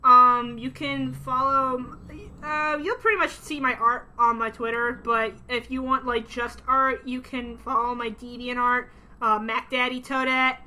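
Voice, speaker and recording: High, very bright young woman chatting. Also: fairly even intonation, measured pace. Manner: rambling, many fillers. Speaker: podcast co-host. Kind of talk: casual podcast chat.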